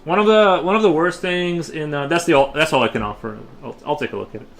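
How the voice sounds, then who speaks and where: A man's voice: on the high side, creaky. Rambling male streamer chatting while drawing. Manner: rambling, halting, many restarts and fillers. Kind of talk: casual livestream chat. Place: home studio while drawing.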